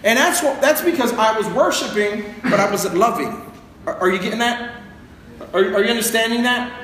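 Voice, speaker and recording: A man delivers a joking, conversational sermon and gets the congregation to repeat words back to him. His voice sits high and sounds a bit bright at a moderate pace, recorded in a very echoey room with faint noise.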